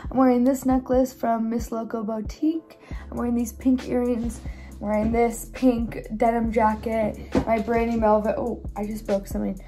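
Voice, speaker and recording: A woman's voice: a little high, level tone, moderate pace, dark tone, soft background music. Bubbly young woman vlogging, chatty. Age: young adult. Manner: chatty, filler-heavy, bubbly. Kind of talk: casual vlog chat.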